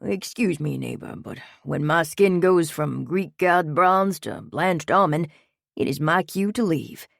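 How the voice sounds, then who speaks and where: A woman's voice: deep voice, measured pace, vocal fry, dry recording, clean studio sound, exaggerated voice. A woman voicing Sheldon, a joking, self-mocking middle-aged man who is short of breath. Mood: wry.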